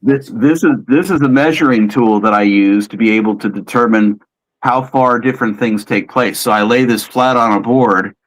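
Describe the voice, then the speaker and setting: A man's voice: medium pitch, moderate pace, low-quality recording. A man in a casual chat, patiently explaining how he runs a tabletop role-playing game, often restarting his sentences.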